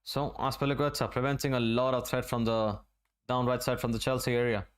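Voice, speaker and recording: A man from Asia calls a football match live for his stream, talking through the play in an unhurried, conversational way. His voice is smooth and resonant and sits at an ordinary middle pitch. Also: little pitch movement. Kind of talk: live match watch-along commentary.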